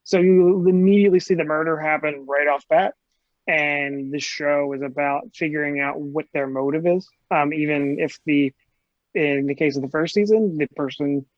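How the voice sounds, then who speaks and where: A man's voice: on the high side, no echo. Hesitant podcast man, muffled mic. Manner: hesitant, many fillers. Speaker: podcast co-host. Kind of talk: casual chat.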